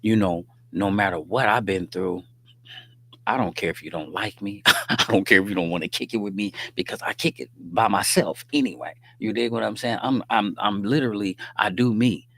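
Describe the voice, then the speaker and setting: A man's voice: on the low side, moderate pace, creaky, a bit bright, a little hiss or hum. A man hosting a faith-based livestream, talking in a loose, preachy way with street slang and joking asides, often checking in with listeners. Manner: conversational and preachy, often asks "you dig what I'm saying". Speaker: livestream host. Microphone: livestream microphone.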